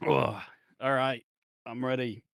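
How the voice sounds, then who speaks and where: British man, podcast co-host, middle pitch, dry close sound, sweary ranter who mocks people in voices. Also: slow pace, creaky, clean tone, no room sound. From Britain. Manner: sweary, animated ranting with mocking voices. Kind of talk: casual ranting chat.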